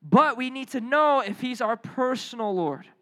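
A man preaching a sermon as a youth pastor, telling lively stories and calling on the crowd to respond. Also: extremely high pitch, normal speed.

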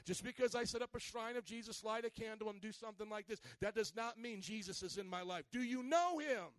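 A man preaching a lively sermon as pastor, slangy and playful, calling on the congregation to respond. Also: high-pitched, fast talker, no room sound. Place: church service.

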